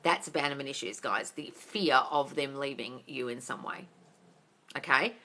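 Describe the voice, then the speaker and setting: A woman's voice: rumbling low, moderate pace, pushed and bright. A woman manifesting coach answering viewer questions on a live stream, blunt and swearing, calling listeners darling.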